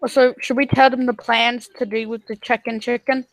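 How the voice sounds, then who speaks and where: A woman chatting playfully as a co-player during a gaming stream. Her voice is a bit high, and the sound is dry and close. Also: level tone, moderate pace, gravelly, no echo, rough recording. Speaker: co-player, guest. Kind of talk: casual gaming chat.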